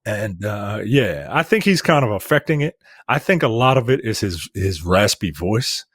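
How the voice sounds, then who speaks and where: A man's voice: lowish voice, big pitch swings, normal speed, fairly bright tone, no echo, clean studio sound. A man co-hosting a casual film review chat, blunt and profane, rambling with lots of fillers. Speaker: podcast co-host.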